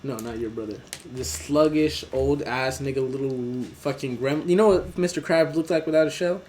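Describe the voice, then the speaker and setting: A man's voice: medium pitch, moderate pace, a little mellow, a little hiss or hum. A man co-hosting a podcast who tells work stories in casual, profane chat and laughs often. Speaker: podcast co-host.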